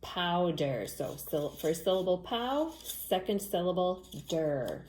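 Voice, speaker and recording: A woman teacher giving a phonics lesson to young children, speaking clearly and patiently and spelling words out letter by letter. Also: on the low side, very animated, slow pace, hardly any pauses, a little mellow, roomy sound, slight background noise, poor audio.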